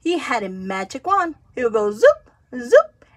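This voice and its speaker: A woman telling a children's story aloud, acting out sound effects and character voices with lively expression. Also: fairly high pitch, moderate pace.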